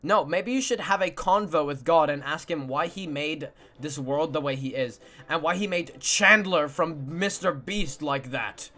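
A sleep-deprived man from Canada, chatting with his livestream viewers in an excitable, swearing way with sudden yelps. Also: on the high side, a little slow. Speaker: streamer. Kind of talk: livestream chat reading viewer messages.

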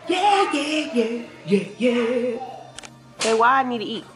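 A woman's voice: on the high side, lively intonation, slow pace, music in the background. A young woman, rambling through a casual family vlog, saying y'all a lot. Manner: chatty, rambling, uses y'all. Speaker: family vlogger, mother.

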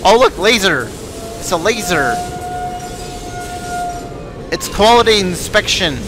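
A man's voice: high voice, lively intonation, slow pace, noisy background. A man giving let's play commentary, chatting to game characters and yelping when chased. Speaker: gaming video creator.

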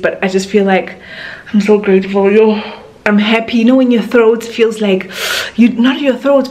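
A young South African woman in her twenties talks straight to her camera in a loose, unscripted vlog. She gushes and runs on emotionally, leaning on filler words as she goes. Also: medium pitch. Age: 20s. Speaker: vlogger. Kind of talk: casual talking-to-camera vlog.

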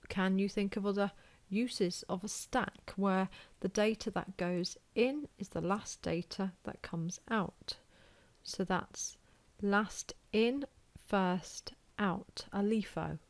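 A woman's voice: mid-range voice, slow, dry recording. A woman with a British accent giving a recorded lecture, informal and self-deprecating, thinking aloud as she draws on a board. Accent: British English. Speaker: college lecturer.

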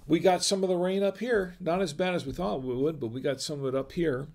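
Hosting a laid-back livestream, this middle-aged North Carolina man talks fairly quickly in a higher, darkish voice with fairly even intonation. He's chatty and rambling, full of fillers and false starts.

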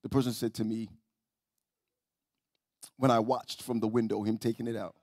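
A man pastor preaching a sermon in a church, telling stories, often repeating and restarting words, and swinging between soft and loud. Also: lowish voice, flat delivery, normal speed, no room sound. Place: church sanctuary.

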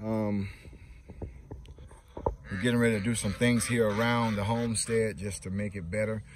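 A man's voice: lowish voice, steady tone, normal speed, background noise. Guy walking around his yard showing off plants, chatty, phone camera outdoors. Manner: chatty, talks to viewers and scolds his ducks. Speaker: homestead vlogger. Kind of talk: casual garden tour.

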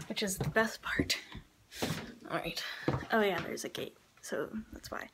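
A woman's voice: medium pitch, sing-song, measured pace, vocal fry, pauses often, distant mic, background noise. Upset young woman venting, half whispering. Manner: upset, rambling and swearing, often dropping to a near whisper. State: close to tears. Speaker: vlogger. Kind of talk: casual vlog talk to camera. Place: at home in front of a mirror.

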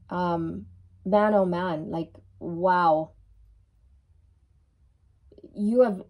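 Slow, mellow-voiced woman reading tarot. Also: lowish voice. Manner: reassuring, repeats words for emphasis. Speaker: tarot reader.

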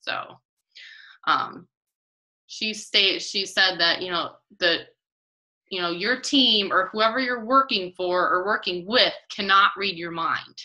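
A woman's voice: mid-range voice, slow, sharp tone, rough recording. A woman leading a team call, talking casually and rambling with many restarts.

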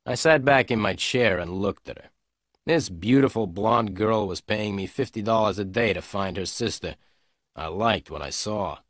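A man reading a detective story aloud in clear, measured narration for English learners. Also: lowish voice, a bit bright, no room sound, studio quality. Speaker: audiobook narrator.

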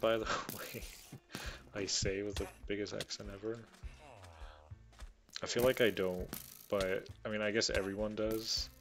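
Low-ish voiced guy rambling over gameplay, hyped and swears a lot, quiet game music behind. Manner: chatty, excitable, swears casually. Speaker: gaming YouTuber. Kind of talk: casual gameplay commentary.

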